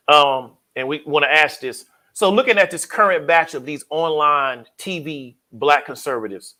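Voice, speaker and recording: A man with a somewhat high voice hosts an interview. He lays out his questions carefully and at length before handing over to the guest. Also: pushed and bright. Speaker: interview host.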